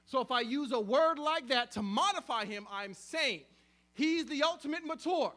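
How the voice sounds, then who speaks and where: Man preaching, very high voice, emphatic, loud stresses and hushed drops, repeats and restarts phrases. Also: animated, moderate pace. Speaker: pastor. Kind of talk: sermon.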